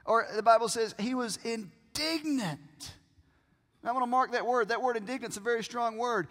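A man preaching a sermon from a church stage, who asks the congregation questions and pauses for effect. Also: very high-pitched, a bit bright. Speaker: pastor. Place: church sanctuary with a screen. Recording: long reverb of a large hall.

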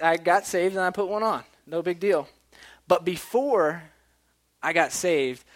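A man's voice: on the high side, fairly bright tone. A man preaching a sermon in a casual, chatty way, often restarting his words.

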